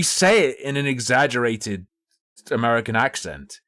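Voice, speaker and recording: A man's voice: mid-range voice, expressive, a little slow, dry recording, clean studio sound. A man streaming live, chatting casually and thinking aloud in a rambling, profane way. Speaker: livestreamer.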